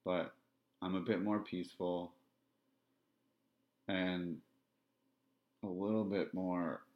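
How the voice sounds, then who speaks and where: A man with a very deep voice tells a personal story on his podcast. He talks in a reflective, halting, candid way, pausing to find words. The sound is dull and lo-fi. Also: steady tone. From Canada. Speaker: podcast host.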